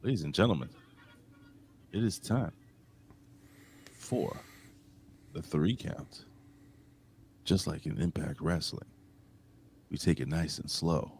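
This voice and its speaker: A man's voice: rumbling low, lively intonation, slow, vocal fry, long pauses, a little hiss or hum. A man hosting a casual wrestling podcast, joking around and calling out names from the live chat. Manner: shouts out chat commenters, jokey, swings loud and quiet. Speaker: podcast host.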